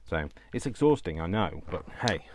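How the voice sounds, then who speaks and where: A man who talks fast and loud, chatting to himself by name while making crafts. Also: low-pitched, sing-song, a little hiss or hum. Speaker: crafting channel host. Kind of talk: casual chat while crafting.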